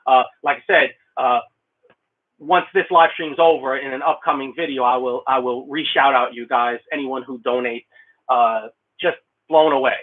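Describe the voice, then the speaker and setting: A man's voice: medium pitch, fairly even intonation, normal speed, narrow, tinny audio. A middle-aged man chatting casually on a live stream from a small room, talkative and rambling, laughing often as he thanks viewers. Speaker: blacksmith streamer answering viewer questions.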